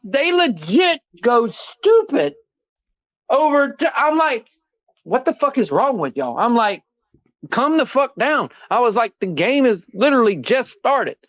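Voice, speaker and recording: High-voiced profane man. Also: a little slow, no echo. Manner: profane, animated storytelling, quotes himself. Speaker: podcast co-host. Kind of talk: casual sports chat. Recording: dull, dry lo-fi sound.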